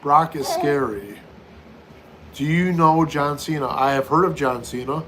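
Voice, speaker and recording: A noisy background accompanies this middle-aged American livestream host as he reads out viewer comments and responds to them in turn. His voice is a little high and his pace a bit slow.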